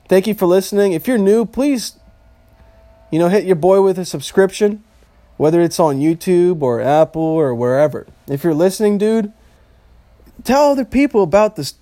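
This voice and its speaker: A young man talks alone into his podcast mic, rambling from one rant to the next and swearing constantly. His voice sits fairly high for a man. He keeps breaking into laughter at his own jokes. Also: dark tone, no room sound. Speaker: podcast host. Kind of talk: casual solo podcast rant.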